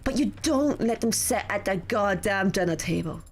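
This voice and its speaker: A woman playing a blunt, brisk defense lawyer. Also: medium pitch, expressive, voice pushed down. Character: sharp-tongued female defense lawyer.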